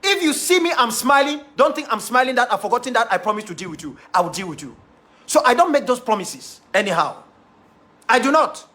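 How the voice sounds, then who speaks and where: Cameroonian-accented man, defiant monologue, very high pitch, emphatic repetition. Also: animated, brisk, pushed and bright. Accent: Cameroonian English. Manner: defiant, emphatic, repeats key phrases. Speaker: activist leader addressing followers. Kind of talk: impassioned monologue.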